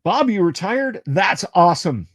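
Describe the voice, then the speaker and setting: A man's voice: high voice, big pitch swings, a little slow, no room sound, studio quality. A man hosting a casual livestream, chatting in a rambling, self-interrupting way and reacting to viewer comments as he goes. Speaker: livestream host.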